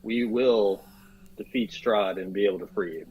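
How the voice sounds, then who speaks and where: A man's voice: fairly low pitch, normal speed, highs cut off. A man playing a tabletop game, asking earnest questions. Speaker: player.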